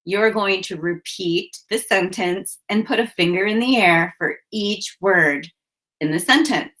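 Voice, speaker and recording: A woman teacher leading a children's phonics lesson, giving slow, clearly enunciated prompts and cheerful praise. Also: medium pitch, fairly bright tone.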